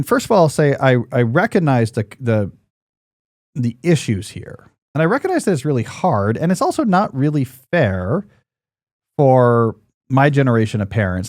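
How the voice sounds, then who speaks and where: A man's voice: medium pitch, darkish tone, no echo, clean studio sound. Rambling, jokey male podcast host. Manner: rambling, jokey, lots of fillers and restarts. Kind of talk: casual podcast chat.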